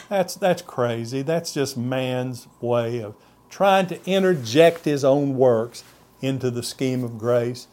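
A man preaching a sermon as pastor. He reads scripture in old-fashioned wording, and his pitch rises on key words and drops low at the ends of phrases. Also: takes it slowly, a little mellow.

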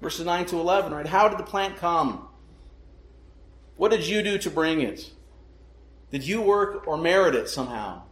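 Emphatic preacher with a roomy echo. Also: male voice, fairly high pitch, lively intonation, moderate pace, long pauses, a bit bright. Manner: emphatic, asks rhetorical questions. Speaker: pastor. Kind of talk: sermon.

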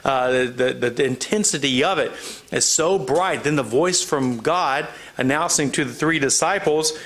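A man teaching through a Bible passage, reading the verses aloud and explaining them in a relaxed, conversational way with frequent fillers. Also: fairly high pitch, moderate pace. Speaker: pastor.

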